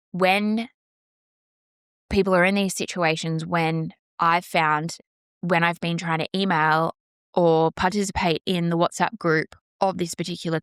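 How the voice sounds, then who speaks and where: A woman with a fairly low voice hosts a solo podcast, speaking earnestly and with emphatic passion. Her voice is recorded close and dry, with no room sound around it. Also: smooth, no echo. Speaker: podcast host. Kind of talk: candid solo podcast monologue.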